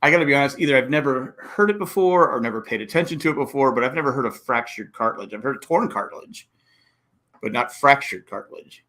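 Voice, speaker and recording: A man hosting a casual sports podcast, talking fast and acting out coaches' and fans' reactions. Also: mid-range voice. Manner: animated, acts out coaches and fans with exclamations. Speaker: podcast host.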